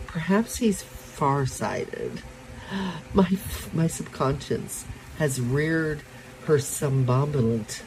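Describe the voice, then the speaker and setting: A podcast host reading an erotic story in slow, expressive first-person narration. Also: mid-range voice, a little hiss or hum, low-quality recording.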